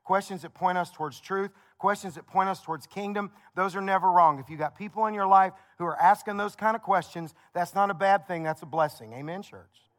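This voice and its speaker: Male preacher, higher-pitched, chatty storytelling delivery with rhythmic repetition. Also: fairly quick, fairly bright tone. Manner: conversational storytelling preacher, builds with repeated phrases. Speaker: pastor. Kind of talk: sermon.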